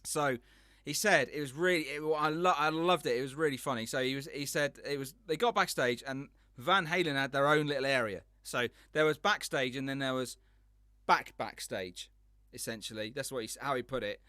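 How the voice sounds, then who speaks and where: A man's voice: medium pitch, a little fast, bright, forceful tone, no echo, studio quality. A man hosting a podcast, chatting casually and telling rambling stories with enthusiasm. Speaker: podcast host. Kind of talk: casual chat.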